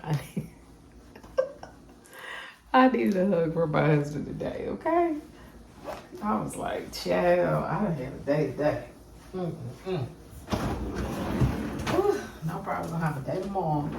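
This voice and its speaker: A woman's voice: low-pitched, creaky, noisy background. A woman vlogging casually about her day, chatty and folksy, calling her viewers honey and child. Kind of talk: casual day-in-the-life vlog.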